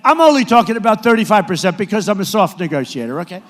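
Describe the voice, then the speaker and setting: A man giving a campaign rally speech to supporters in a big arena, repetitive and boastful, often rising to shouts. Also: high-pitched, sing-song, fast talker. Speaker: political candidate addressing supporters. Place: large indoor arena. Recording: echoey arena sound from a PA.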